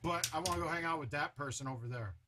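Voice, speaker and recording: A man's voice: fairly high pitch, fast talker, bright, forceful tone. A man chatting casually on a home live stream, loose and talkative, with a sore throat.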